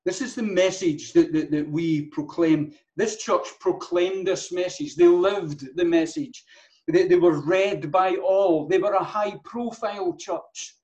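A man's voice: high voice, a little slow, a little mellow, muffled recording. A man preaching a sermon as the church's pastor, earnest, often restarting and repeating words.

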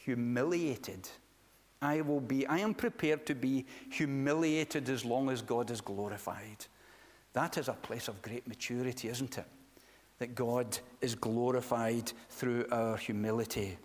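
A man preaching a sermon in a conversational way, with frequent fillers and restarts. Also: medium pitch. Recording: long reverb of a large hall.

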